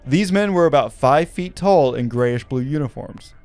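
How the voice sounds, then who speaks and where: A man's voice: mid-range voice, expressive, normal speed, darkish tone, clear, resonant tone, no echo, soft background music. A man from Arkansas who hosts a podcast, telling a story with wry asides and laughing at his own jokes. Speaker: podcast host.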